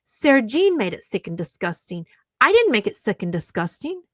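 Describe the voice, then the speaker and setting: A woman's voice: medium pitch, very animated, normal speed, no echo, clean studio sound. A woman YouTuber ranting back at online commenters, sarcastic and indignant, mocking them at length.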